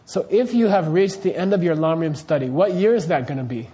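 A man's voice: fairly high pitch, animated, a little fast, warm tone. A man teaching Buddhist practice to a class, putting questions to the students and often checking that they follow. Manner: quizzes the class, keeps checking "you see what I mean?".

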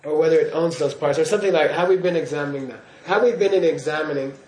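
Guy teaching buddhism to a class, joking around, bit high voice, echoey room. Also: fast talker, a little mellow. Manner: playful, often checks in with "okay?" and laughs. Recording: roomy hall echo.

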